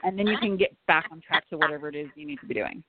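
A woman's voice: lowish voice, very animated, rapid-fire, vocal fry. Frank woman guest in her forties, swears freely, laughs easily; tinny phone-like audio, faint hiss. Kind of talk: casual podcast chat.

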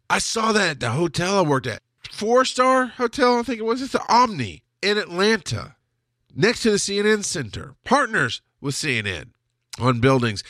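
A man's voice: high-pitched, fairly bright tone, no echo, studio quality. A man hosting a podcast, delivering a blunt, heated, profane solo rant. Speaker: podcast host. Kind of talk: ranting solo monologue.

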